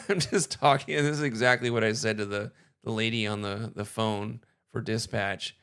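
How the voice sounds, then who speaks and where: A man's voice: on the low side, steady tone, normal speed, a bit bright, clean tone. A young man casually telling a story to camera, rambling and hesitant, often chuckling between phrases.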